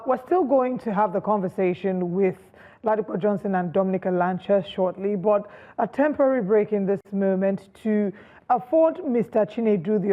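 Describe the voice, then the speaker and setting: A woman anchoring a live TV news show, brisk and formal as she moves between guests. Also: mid-range voice, phone-quality sound.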